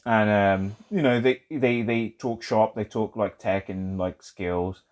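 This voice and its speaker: A young man co-hosting a casual film podcast, talking loosely and excitedly with lots of "like", swearing and laughing. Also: on the low side, a little slow. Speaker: podcast co-host.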